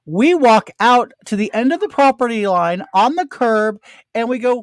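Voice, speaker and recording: Older man ranting through a lively story. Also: very high-pitched, moderate pace, no room sound. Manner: animated, profane, ranting. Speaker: storyteller addressing his audience. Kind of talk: casual storytelling.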